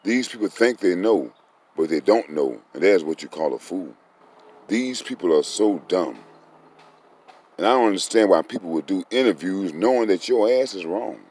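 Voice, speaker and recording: A man's voice: sits low, lively intonation, moderate pace, darkish tone, husky. A man with a Texas twang giving blunt, scornful opinion commentary. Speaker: online commentator.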